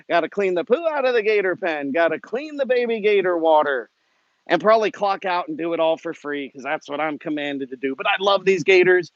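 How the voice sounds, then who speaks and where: Young man, zookeeper live-streaming, casual chatty talk, high-pitched voice, dry close sound. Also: no echo, dull audio. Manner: chatty, affectionate, talks to the animals and viewers.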